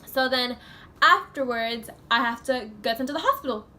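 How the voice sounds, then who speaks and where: Here a US woman vlogger shares a personal story in a loose, chatty vlog. Her pitch is fairly high and her tone bright and forceful at a normal pace, and she rambles with plenty of fillers, especially "like."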